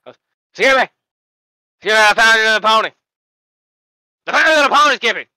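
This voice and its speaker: A man voicing a drugged, excitable male sergeant who rambles loudly in a high voice. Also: fairly quick, smooth, no room sound, low-quality recording. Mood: giddy.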